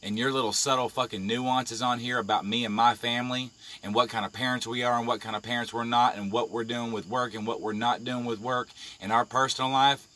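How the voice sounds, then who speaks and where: A man's voice: medium pitch, bright, forceful tone. A man on a live video, ranting angrily and confrontationally with constant swearing. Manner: profane, confrontational, heated. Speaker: live-stream vlogger. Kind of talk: angry live-video rant.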